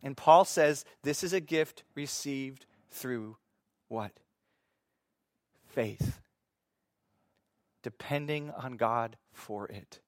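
A man teaching from the Bible in a sermon, reading scripture slowly and asking his listeners questions that he then answers himself. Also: medium pitch, dry recording, studio quality. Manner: reads scripture slowly and deliberately. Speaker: preacher.

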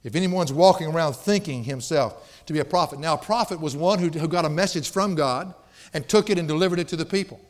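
A man preaches a sermon with a high, ringing voice. He is emphatic and folksy, slipping in playful asides, and his words trail off into a long hall reverb. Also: quick pace. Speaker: pastor.

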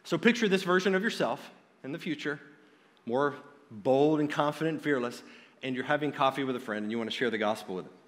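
A man's voice: medium pitch, brisk, in a large hall. A man preaching a sermon in an earnest, direct way, often restarting his phrases.

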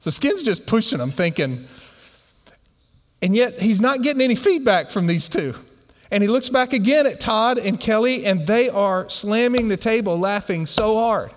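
A man preaching a sermon and telling a funny story in an animated way. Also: high-pitched, moderate pace. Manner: animated storyteller who laughs through his anecdotes. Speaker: pastor. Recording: long hall reverb.

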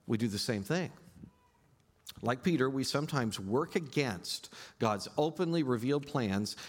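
Preaching man in a reverberant hall. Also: mid-range voice. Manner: animated preaching, swings between loud emphasis and quiet asides. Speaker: pastor. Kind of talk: sermon.

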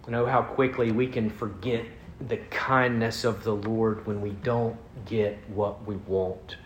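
A man's voice: on the low side, flat delivery, unhurried, lo-fi sound, a little hiss or hum. Earnest preaching man in an echoey room. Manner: earnest preaching with rising emphasis and soft drops. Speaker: pastor. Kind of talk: sermon.

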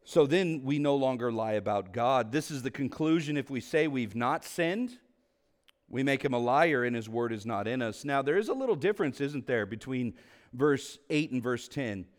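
A male pastor preaching earnestly to his congregation at a mid-range pitch. He rises to emphatic high points, then drops low and quiet for asides. He often puts questions to the listeners. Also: expressive, moderate pace. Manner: asks the congregation rhetorical questions. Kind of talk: sermon.

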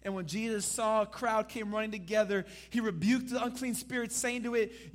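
A male pastor preaching a sermon, dropping to a hush and then rising loud, and leading the congregation in call and response. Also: sits high, normal speed, few pauses. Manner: dynamic preaching, swinging from hushed to loud.

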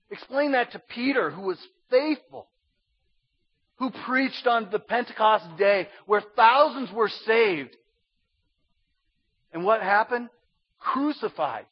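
A pastor preaches in a high, slightly husky voice, pressing his points hard and then dropping to a hush. He slips into casual asides between scripture readings. The recording is dull and lo-fi. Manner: emphatic, swings from loud insistence to hushed intensity; conversational with slang asides. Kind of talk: sermon.

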